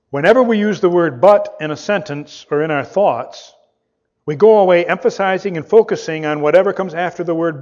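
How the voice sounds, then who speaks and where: Preacher guy, kinda high voice, reads scripture with fervor, muffled lo-fi audio. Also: a little mellow. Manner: reads scripture aloud with rising fervor, slows to stress key words. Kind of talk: sermon. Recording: dull lo-fi sound.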